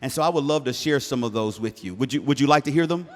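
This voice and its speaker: A man speaking to incoming students' parents at a university event, animated and joking, asking the crowd to answer back. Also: medium pitch, fast talker. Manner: animated, jokey, calls for audience response. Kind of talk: live presentation to parents. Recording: hall reverb.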